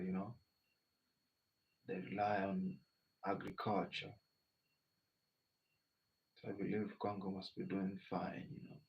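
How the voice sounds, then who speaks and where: A man hosts a casual livestream, greeting viewers and reading their comments aloud with a loose, chatty "you know" rhythm. His voice sits on the low side with a husky grain. The stream audio sounds dull and lo-fi. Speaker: livestream host.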